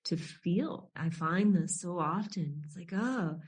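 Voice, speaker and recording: Reflective low-pitched woman podcast host. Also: measured pace, husky. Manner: reflective, asks long searching questions. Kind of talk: interview conversation.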